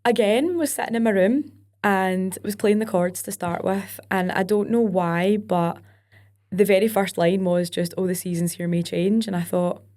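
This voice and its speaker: A young woman with a Glaswegian accent talks as a guest on a podcast. She tells stories in a casual, chatty way, with her voice sitting in a middle pitch range. She drops local words like wee and aye as she goes. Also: measured pace, darkish tone. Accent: Glaswegian Scottish. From Scotland. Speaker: country singer, podcast guest. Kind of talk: casual interview chat.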